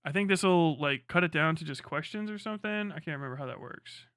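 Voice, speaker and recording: A man's voice: a little high, animated, fast, a bit bright, no room sound. A man streaming live, chatting casually with his audience in a rambling, profane way. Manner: rambling, profane, laughing asides.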